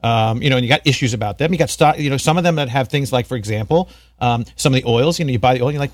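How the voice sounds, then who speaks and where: A man's voice: mid-range voice, racing, dry recording. A man hosting a podcast, joking around and laughing often with his guest. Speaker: podcast host. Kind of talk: casual podcast chat.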